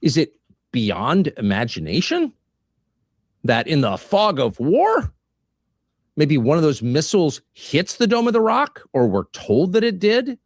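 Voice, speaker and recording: A man giving political commentary in a measured way, posing rhetorical questions. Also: fairly high pitch, no room sound, clean studio sound. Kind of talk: played commentary clip.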